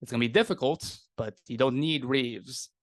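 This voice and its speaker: A man's voice: mid-range voice, moderate pace, dry recording, studio quality, lightly acted. A man playing a stern noble mother. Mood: firm.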